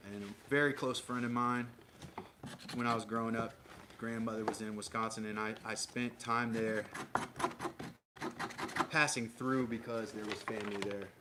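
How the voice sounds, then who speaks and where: A man's voice: on the low side, fairly even intonation, moderate pace, pauses often. A man from Minnesota hosting a casual livestream, chatting with viewers and answering their comments aloud in a rambling way, with many fillers and restarts. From Minnesota, USA. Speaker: livestream host. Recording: loud background noise with clicks.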